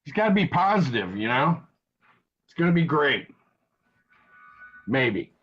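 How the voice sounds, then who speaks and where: A man's voice: on the high side, sing-song, measured pace, slightly rough, highs cut off. A man hosting a live web show in casual chat, rambling and joking with crude humor. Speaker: show host.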